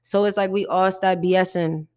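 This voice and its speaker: A woman's voice: fairly low pitch, steady tone, moderate pace, a little mellow, clean tone. A young woman hosting a casual chat podcast, candid and slangy, filling her talk with "like.". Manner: candid, slangy, says "like" a lot. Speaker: podcast host.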